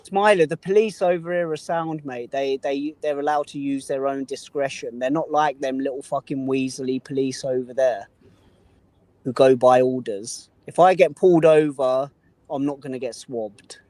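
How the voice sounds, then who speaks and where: Male stream caller, middle pitch, dry sound, defensive and sweary. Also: steady tone, normal speed, a little mellow, dry recording. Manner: defensive, sweary, says mate and man. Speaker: guest caller on a livestream. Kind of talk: casual argument.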